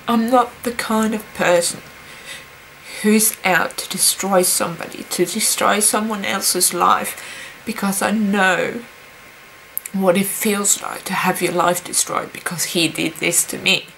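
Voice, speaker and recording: Slow, halting woman talking to camera. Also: mid-range voice, fairly even intonation, gravelly, fairly bright tone, a little hiss or hum, poor audio. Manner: halting, hesitant, full of pauses and fillers. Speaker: vlogger. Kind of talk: personal confessional vlog.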